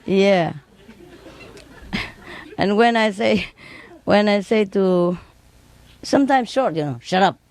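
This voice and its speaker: A woman's voice: measured pace, gravelly, pauses often. Laughing woman telling stories in broken English. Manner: lively, mimics her birds in high sing-song tones. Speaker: speaker telling stories about her pets. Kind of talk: casual storytelling.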